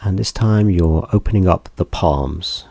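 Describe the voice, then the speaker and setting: A man teaching a gentle hand massage, speaking in a soft, unhurried, calm instructional way. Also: sits low, gravelly, breathy edge, no echo.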